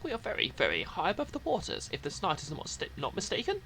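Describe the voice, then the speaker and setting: A man's voice: high voice, wildly swooping pitch, quick pace, sharp tone, slight background noise, voice pushed up, full character voice, poor audio. A man voicing a formal, solemn male water-creature knight in a stiff, stately way.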